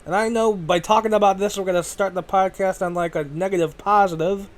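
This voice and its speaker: A man's voice: high-pitched, fairly even intonation, brisk. A man hosting a casual solo podcast, rambling and correcting himself, swearing now and then. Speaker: podcast host.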